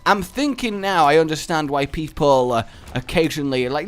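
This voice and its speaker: Young male let's-player, theatrical and rambling, lively pitch. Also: brisk, smooth. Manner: theatrical, rambling, mock-dramatic. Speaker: gaming commentator. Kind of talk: gameplay commentary.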